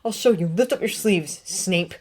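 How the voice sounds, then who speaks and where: A woman's voice: on the high side, lively intonation, moderate pace, voice pushed up, natural voice. A woman voicing a cocky teenage wizard bully who taunts and mocks, in a read-aloud fan story. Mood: taunting. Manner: taunting, mocking, loud.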